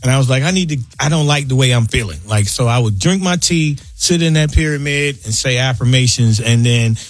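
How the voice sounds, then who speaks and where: A man's voice: medium pitch, expressive, a little fast, no echo. A man in his fifties tells his story on a radio show in a laid-back way, often stretching his phrases out. His voice sits in the middle of the range and sounds dry and close, with faint music underneath. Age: 50s. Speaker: guest musician. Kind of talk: relaxed interview chat.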